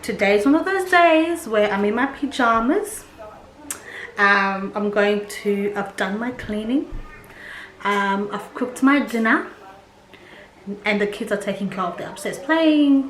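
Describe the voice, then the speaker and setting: A young adult woman, a mother vlogging at home, talking candidly and chattily in a casual style. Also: medium pitch. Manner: candid and chatty, with quoted voices. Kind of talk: casual personal vlog talk. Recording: echoey room with faint hum.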